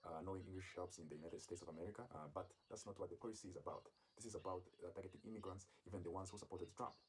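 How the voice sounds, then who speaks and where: A man's voice: sits low, steady tone, rapid-fire, slight background noise. A man hosting a reaction commentary channel, speaking to viewers with frequent filler sounds. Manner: filler-heavy, addressing viewers.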